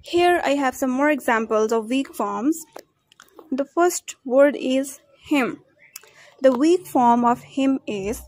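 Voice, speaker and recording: A woman giving a recorded lesson on English pronunciation, saying each example sentence slowly and carefully and then repeating it. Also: high voice, dry recording. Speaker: English phonology student presenter.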